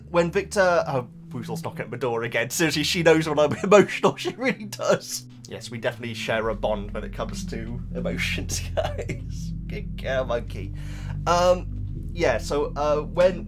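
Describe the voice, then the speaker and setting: A man's voice: a little high, expressive, measured pace, music in the background. Emotional, rambling male reaction host. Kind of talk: casual reaction commentary.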